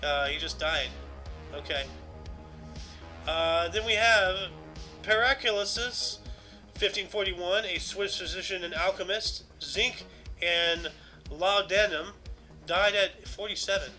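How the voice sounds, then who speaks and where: A man's voice: sits high, slow, pauses often, sharp tone, rough recording. A man hosting a casual podcast, reading out history entries and adding dry asides, with faint music in the background. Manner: reads lists aloud, adds dry asides. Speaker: podcast host.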